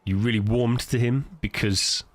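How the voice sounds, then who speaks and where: A British man streaming live, chatting casually and telling stories in a profane, animated way. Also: medium pitch, a little slow, no room sound. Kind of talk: casual livestream chat.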